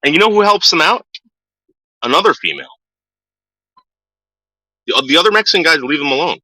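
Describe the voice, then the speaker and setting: Man, middle-aged, casual rant, swears constantly, repeats himself, animated pitch, bright tone. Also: a little fast, no echo, rough recording. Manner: profane, stammering repeats. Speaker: vlogger.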